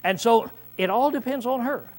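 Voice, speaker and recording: A man preaching a conversational Bible-study sermon, often clearing his throat and checking in with "see?" as he repeats and restarts phrases. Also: extremely high pitch, normal speed. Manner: repetitive, restarts mid-phrase.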